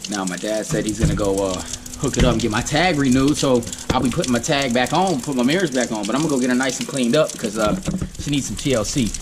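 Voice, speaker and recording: A man's voice: medium pitch, fast, reverberant. A young man with a Southern American accent, casually rambling to his vlog camera at home, recorded on a noisy camera mic. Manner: easygoing, rambling. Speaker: vlogger.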